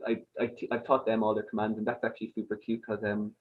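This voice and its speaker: A man's voice: on the low side, completely flat delivery, quick pace, phone-quality sound, noisy background. A young man with an Irish accent chatting casually as a podcast guest, rambling and laughing often. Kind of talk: casual chat.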